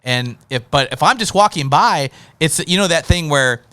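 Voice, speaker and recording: A male host in a casual interview chat who tells stories in an animated way, acting out little scenes as he goes. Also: fairly high pitch, normal speed, dry recording. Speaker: podcast host.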